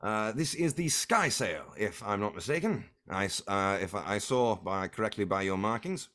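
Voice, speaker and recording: A courteous male mage on official patrol, polite and formal, often tripping over his words, as a man puts him on. The voice sits somewhat above the performer's own low pitch. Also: expressive, normal speed, a bit bright. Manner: polite, formal, a little fumbling.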